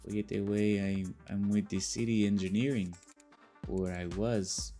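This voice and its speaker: A man voicing a weary young male engineer held as a suspect, in a put-on Mexican accent with slow, Spanish-laced lines. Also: fairly low pitch, steady tone, warm tone, faint music behind, close to an everyday voice.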